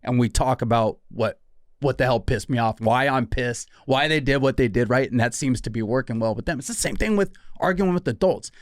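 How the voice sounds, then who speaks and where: A man's voice: mid-range voice, fairly quick, no room sound, clean studio sound. A man in his forties, a podcast co-host, telling a story in casual chat and acting out the exchanges with "dude" and "right?". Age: 40s. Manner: animated, acts out quoted exchanges, frequent "dude" and "right?". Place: podcast studio.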